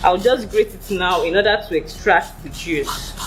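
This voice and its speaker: A woman vlogger walking viewers through a homemade skincare recipe in a steady, instructive tone. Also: lowish voice, moderate pace, noisy background. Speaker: beauty vlogger.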